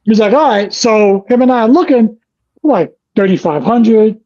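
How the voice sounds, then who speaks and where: A man's voice: high voice, expressive, moderate pace, a little mellow, muffled recording. A man chatting as a podcast guest, blunt and profane, laughing easily. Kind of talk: casual wrestling chat.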